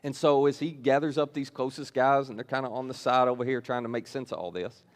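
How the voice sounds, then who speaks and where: A man's voice: medium pitch, fairly even intonation, fast talker. A man preaching a sermon as a church pastor, telling the scripture story in a casual, conversational way. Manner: storytelling, retells scripture in casual modern paraphrase.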